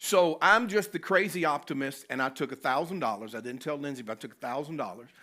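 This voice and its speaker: A man's voice: on the high side, fast talker, sharp tone. A man, telling a personal story animatedly as a conference speaker. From North Carolina, US. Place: conference venue.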